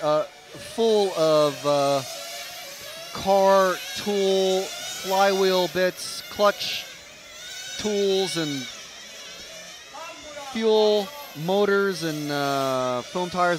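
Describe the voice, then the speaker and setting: Speaking slowly in a high-pitched voice, with background noise around him, a man offers casual live commentary from the trackside of an outdoor racetrack. He's chatty and rambling, with frequent fillers.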